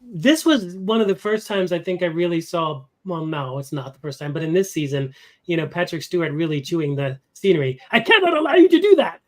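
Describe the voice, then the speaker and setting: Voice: mid-range voice, fairly quick. A podcast co-host giving blunt opinions and quoting lines from the show. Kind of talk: casual podcast chat.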